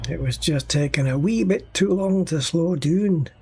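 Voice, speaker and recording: A man's voice: fairly high pitch, unhurried, creaky, dark tone, soft background music. A man streaming a space game from home, muttering dry, wry remarks to himself as he plays. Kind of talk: casual livestream commentary. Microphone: desk mic at a gaming rig.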